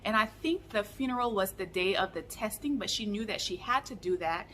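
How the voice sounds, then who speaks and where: Bright-voiced chatty woman vlogger. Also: mid-range voice, fairly quick, slight background noise. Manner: chatty, animated storytelling with fillers. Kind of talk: casual storytelling vlog.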